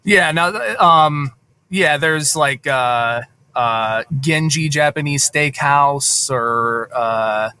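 A man with a bright, forward voice chatting casually on a podcast. He meanders through his points with plenty of fillers, and a faint noise floor sits under him. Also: fairly high pitch, slow pace. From United States. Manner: rambling, filler-heavy. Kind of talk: casual chat.

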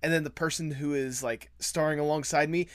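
Lively podcast host, laughs a lot, voice jumps up high when joking. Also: a little fast, no echo, clean studio sound. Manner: animated, laughs easily, swoops up in pitch. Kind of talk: casual podcast chat.

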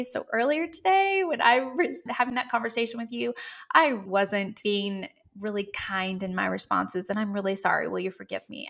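A woman's voice: medium pitch, sharp tone. A woman in her thirties, an author talking earnestly and reflectively about parenting as a podcast guest. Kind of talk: podcast conversation.

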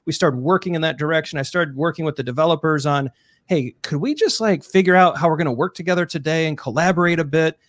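A man's voice: a little high, quick pace, dry recording. A man co-hosting a podcast in casual chat, upbeat, reading listener questions aloud. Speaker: podcast co-host.

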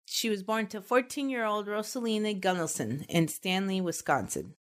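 A woman's voice: medium pitch, normal speed. Woman host, casual true crime podcast, giggly, chatty storytelling. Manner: giggly, chatty, recounts case details.

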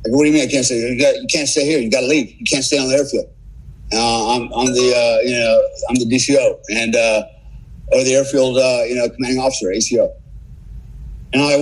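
A man in his sixties, a military veteran guest on a podcast, telling war stories in a casual, animated way and swearing freely. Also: medium pitch, fast talker, breathy edge, poor audio. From United States. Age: 60s. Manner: profane, animated war-story teller. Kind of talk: casual storytelling.

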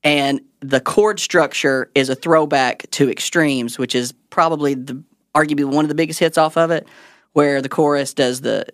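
A man's voice: fairly high pitch, fairly even intonation, moderate pace, fairly bright tone, dry recording, clean studio sound. A man co-hosting a music podcast, enthusiastic and rambling as he explains songs and chords. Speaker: podcast co-host. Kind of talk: casual music chat.

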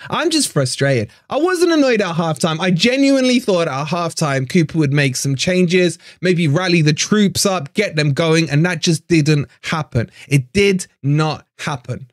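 A man's voice: fairly high pitch, lively intonation, unhurried, hardly any pauses, no echo, clean studio sound. Frustrated man ranting on a stream. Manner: frustrated, swearing, repeats himself. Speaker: fan channel host. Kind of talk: live stream rant.

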